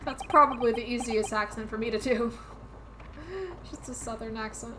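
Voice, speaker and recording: A woman's voice: a little high, expressive, normal speed, noisy background. A woman streaming a video game and musing aloud in a rambling, casual way. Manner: rambling, musing, laughs at herself. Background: game music.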